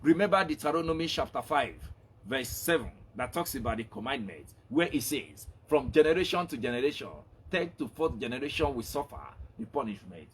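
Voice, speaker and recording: Husky-voiced animated male preacher. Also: a little high, moderate pace. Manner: animated retelling, repeating words, acting out dialogue. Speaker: religious teacher. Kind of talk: storytelling sermon to online viewers.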